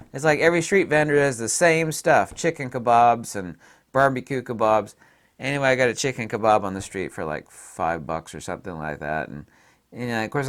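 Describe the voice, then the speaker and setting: A middle-aged man from the American South, telling blunt, casual stories about a trip and laughing at his own punchlines. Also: medium pitch. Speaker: photography vlogger. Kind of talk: casual storytelling.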